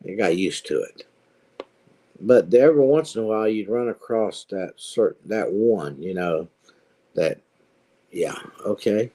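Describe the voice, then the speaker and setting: A man's voice: fairly low pitch, expressive, measured pace, pauses often, dark tone. A middle-aged man, telling stories in a casual chat with folksy grammar. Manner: drawling storyteller, folksy grammar.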